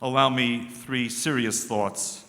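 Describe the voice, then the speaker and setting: A man's voice: mid-range voice, fairly even intonation, bright, forceful tone. Man telling a joke in an echoey hall. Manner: dry storyteller, measured delivery. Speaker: guest speaker at a religious service. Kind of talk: formal speech opening with a joke. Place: synagogue sanctuary. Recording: echoey large hall with long reverb.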